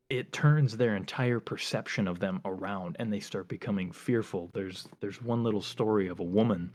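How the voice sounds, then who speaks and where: A man with a fairly low voice casually recounts a story as a podcast co-host. He speaks with animated energy, stringing events together with loose filler words.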